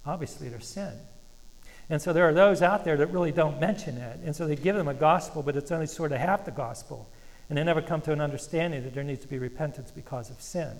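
A man preaching a sermon as pastor, earnest and halting with restarts, slowing down when he reads scripture aloud. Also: a little high. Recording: long reverb of a hall.

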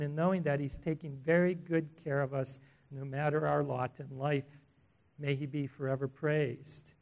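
During his sermon, a man with a voice on the high side speaks earnestly and emphatically, asking the congregation questions and rising in loudness on important words.

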